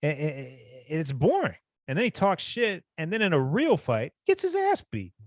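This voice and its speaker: A man's voice: a little high, huge pitch swings, moderate pace, no room sound, studio quality. A man co-hosting a casual podcast, ranting bluntly and cursing a lot. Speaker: podcast co-host. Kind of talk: casual chat.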